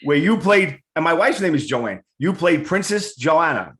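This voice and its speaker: A man's voice: on the high side, sing-song, moderate pace, fairly bright tone. A man hosting an interview show, chatting in a jokey, enthusiastic way. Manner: jokey and enthusiastic, plugs bands. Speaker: show host. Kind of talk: casual interview chat. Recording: echoey room.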